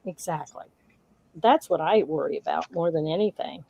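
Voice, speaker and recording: Dark-voiced woman hosting a craft livestream. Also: low-pitched, moderate pace, creaky, slightly rough, dull audio. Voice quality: laughs often while reading chat. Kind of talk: casual livestream chat.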